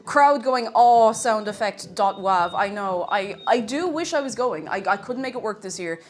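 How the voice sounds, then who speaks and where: A woman chatting bubbly and excitably on a livestream while cooking, now and then breaking into shouted cheers. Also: medium pitch, normal speed, soft background music. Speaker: streamer.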